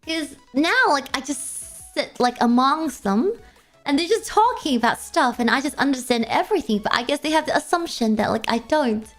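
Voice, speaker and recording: Casting note: young woman, high voice, chatty streamer storytelling with many fillers, faint music underneath. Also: lively intonation, moderate pace. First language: English. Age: young adult. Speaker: vtuber streamer. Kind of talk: casual chat.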